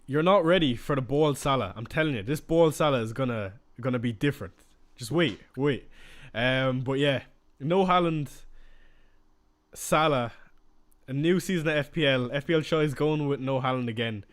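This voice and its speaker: A young man hosts a casual live stream, talking loosely and answering viewers' questions as they come in. His voice sits at an ordinary middle pitch for a man. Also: normal speed. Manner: chatty, reacting to viewer questions.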